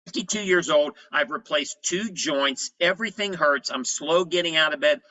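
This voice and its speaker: Bright-voiced man, punchy energetic talk. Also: fairly high pitch, normal speed, muffled recording. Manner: energetic storytelling in short punchy phrases. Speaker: presenter. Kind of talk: motivational health presentation.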